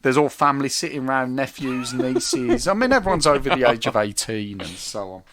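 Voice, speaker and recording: Male co-host, chatty animated storyteller, lively pitch. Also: normal speed, a little hiss or hum. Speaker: podcast co-host. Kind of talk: casual chat.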